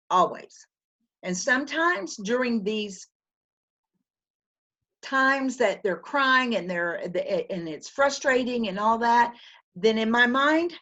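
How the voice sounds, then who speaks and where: A woman's voice: fairly high pitch, a bit bright. A woman presenter giving conversational teaching advice on a video call, emphatic and repeating phrases for stress. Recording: dull lo-fi webinar audio.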